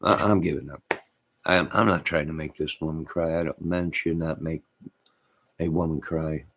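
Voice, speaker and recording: A man's voice: very deep voice, steady tone, moderate pace, a bit bright, slight background noise. A man hosting a live stream, rambling in casual chat with his viewers, often repeating himself and addressing them by name.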